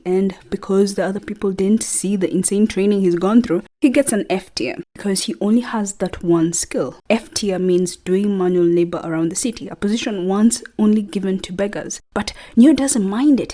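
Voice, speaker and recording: A woman reviewing an anime in scripted narration, voice slightly changed by a cold, playful and dramatic with hushed whispered asides. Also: medium pitch. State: has a cold, slightly altered voice.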